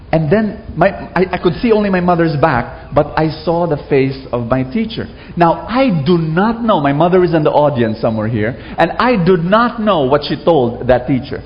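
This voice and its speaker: A man's voice: on the high side, big-room sound, lo-fi sound, slight background noise. A man with a Filipino accent preaching a sermon to an audience, calling for responses and telling stories from his childhood. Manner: lively, calls for audience responses. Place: large hall with an audience.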